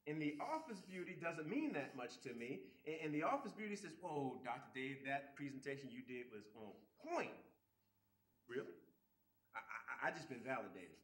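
A man giving a relationship seminar talk, animated, acting out quoted people and often repeating words as he starts sentences. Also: high voice, roomy sound. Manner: acts out quoted people with voice shifts. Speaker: seminar speaker.

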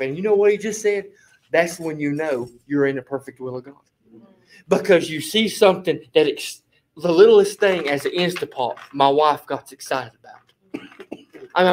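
Man, high voice, loose and animated storyteller, casual church-group testimony. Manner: animated, rambling storyteller, repeats "flipping" as a filler. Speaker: bible study group member.

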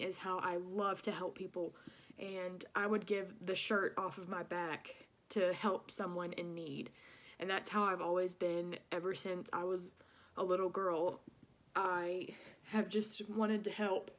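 A young woman answering application questions on video in an earnest, nervous way, out of breath as she talks. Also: mid-range voice. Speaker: teaching program applicant.

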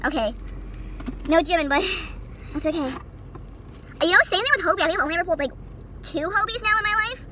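Very high bright woman opening albums w a friend, quick talker, swears, whines about trading. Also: a little hiss or hum. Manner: excitable, complaining, swears. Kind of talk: casual unboxing with a friend.

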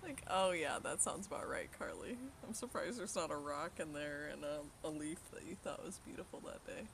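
A woman's voice: deep voice, brisk, vocal fry, fairly bright tone, a little hiss or hum. A young woman live-streaming outdoors on her phone, chatting with viewers, telling a story and laughing often. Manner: chatty storyteller who laughs often and reads chat aloud. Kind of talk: casual chat with viewers. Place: outdoors in the sun.

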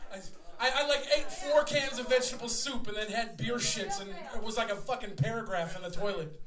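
A young man, a rapper fronting a live show, trading loud, profane, laughing banter with the crowd on a small theater stage. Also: sits high. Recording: echoey live room, mic heard from far, loud crowd.

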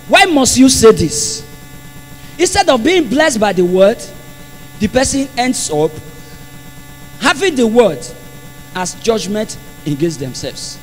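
A man's voice: very high voice, pushed and bright. A man with a Nigerian accent preaching a sermon in church, impassioned and repeating phrases for emphasis. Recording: long hall reverb.

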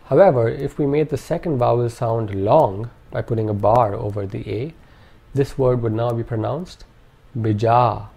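A man calmly narrating a pronunciation lesson with measured, precise enunciation. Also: medium pitch, creaky, breathy edge. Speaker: language teacher. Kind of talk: instructional narration.

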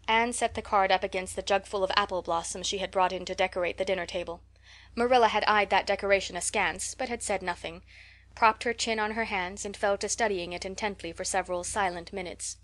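A woman narrates a classic novel for an audiobook, telling the story in a measured, even manner. Her voice is mid-range.

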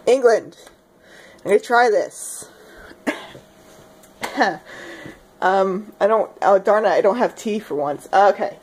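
A woman's voice: mid-range voice, lively intonation, slow pace, long pauses, a little mellow, slight background noise. Giggly self-deprecating young woman. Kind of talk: casual solo video.

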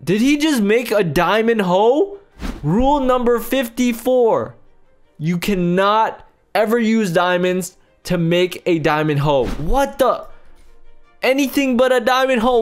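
A young man with a high voice that swings wildly up and down, giving excited video game commentary for his viewers. He sounds exasperated and breaks into loud outbursts, and faint music plays behind him. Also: a little slow, clear, resonant tone. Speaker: YouTuber playing a video game.

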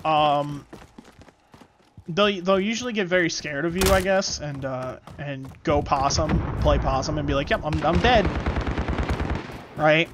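A game streamer telling a rambling, profane story in casual chat while playing, with quick callouts to the match. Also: medium pitch, fairly even intonation, noisy background. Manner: gives quick gameplay callouts. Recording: loud game gunfire behind voice. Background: shooter game gunfire and announcer callouts.

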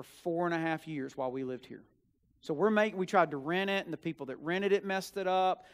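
A young male student minister with a fairly high voice tells a personal story from the pulpit. He slips from hushed asides into loud, emphatic bursts as he drives his points home. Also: brisk, clear, resonant tone. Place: church sanctuary.

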